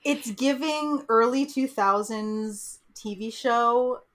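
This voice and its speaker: A woman co-hosting a podcast, casually chatting about a movie with slang and quick agreements. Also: a little high, steady tone, fairly bright tone. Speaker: podcast co-host. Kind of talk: casual movie recap chat.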